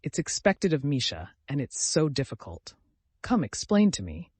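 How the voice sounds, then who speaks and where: A man voicing a gentle, modest older aristocratic gentleman in an audiobook, polite and self-deprecating. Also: a little high, huge pitch swings, moderate pace, breathy edge, dry recording, exaggerated voice. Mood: earnest.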